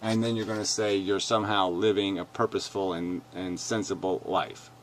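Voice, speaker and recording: A man ranting angrily and profanely as he reads comments aloud, mocking them in sneering voices and swinging between shouts and mutters. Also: low voice, level tone, normal speed, slight background noise. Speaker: video commentator. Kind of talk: angry rant reading comments aloud.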